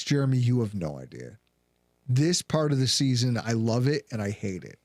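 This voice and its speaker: A man's voice: medium pitch, fairly quick, no room sound, studio quality. A man co-hosting a podcast, telling jokey stories in casual banter. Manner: joking, animated storytelling. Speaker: podcast co-host.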